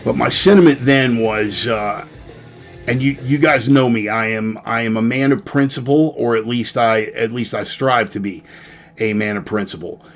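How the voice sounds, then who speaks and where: A man's voice: mid-range voice, moderate pace, muffled recording, soft background music. A man hosting a podcast, delivering an opinionated monologue with profane, emphatic ranting and mocking asides. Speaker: podcast host.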